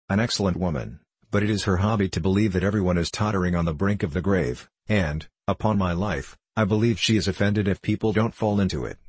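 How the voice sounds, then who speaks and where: A man reading a kindly middle-aged doctor uncle, hearty and tender by turns. The voice sits very low with a husky grain, and the storybook reading is close and dry. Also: no room sound. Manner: warm, hearty, occasionally bursting out. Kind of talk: audiobook character reading.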